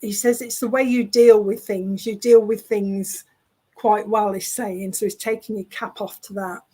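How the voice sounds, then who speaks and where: A woman working as a spiritualist medium, relaying spirit messages over a video call in a chatty, halting, reassuring way. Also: mid-range voice, level tone, dark tone, slightly rough.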